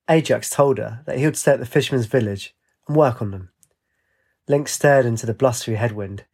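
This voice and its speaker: A man reading a fantasy story aloud in a steady, descriptive storybook narration. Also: mid-range voice, brisk, husky.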